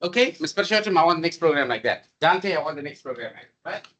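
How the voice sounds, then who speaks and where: A man giving a classroom programming lecture, animated and repetitive as he coaxes his students along. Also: a little high, fast talker. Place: lecture room. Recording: voice distant from the mic.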